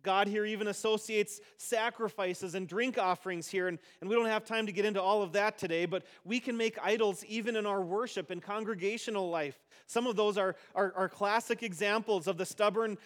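A pastor preaching a sermon, speaking emphatically and slowing down to stress key phrases, sometimes soft and sometimes loud. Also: male voice, high voice, fairly even intonation.

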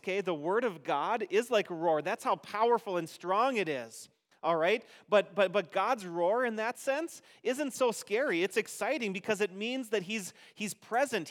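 A pastor speaking to kids at the front of a church, his voice sitting high for a man. He is gentle and playful, restarting his sentences often. The sound rings with the long reverb of a large hall. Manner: gentle, playful talk to children with many restarts. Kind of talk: children's message in a church service. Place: church sanctuary.

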